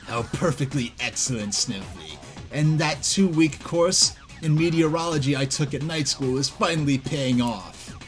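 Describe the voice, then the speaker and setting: A man voicing a scheming villain doctor from a comic, in a gloating, drawn-out delivery. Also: mid-range voice, animated, faint music behind, voice pushed down, natural voice.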